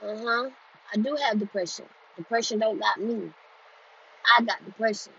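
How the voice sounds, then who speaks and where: A woman's voice: mid-range voice, normal speed, vocal fry, husky. Woman, blunt and profane, repeats for emphasis; dull lo-fi recording. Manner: grows louder and more forceful as she goes. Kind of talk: candid monologue on healing. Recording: dull lo-fi recording with faint noise.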